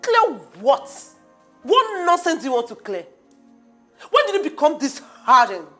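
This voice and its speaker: A high-voiced, scolding friend. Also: female voice, sing-song, measured pace, pushed and bright, faint music behind, exaggerated voice. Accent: Nigerian. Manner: scolding, incredulous questions. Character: outspoken young woman scolding a friend.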